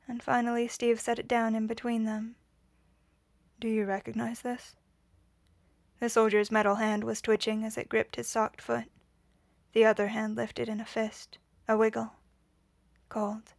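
Woman, storybook reading, quiet and measured, fairly high, very even pitch. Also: creaky, no room sound. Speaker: reader. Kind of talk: audiobook reading of fan fiction.

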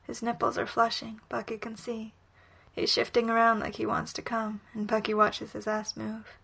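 A woman reading a romantic story aloud in whispered role-play, soft, breathy and unhurried. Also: fairly high pitch, monotone. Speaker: reader.

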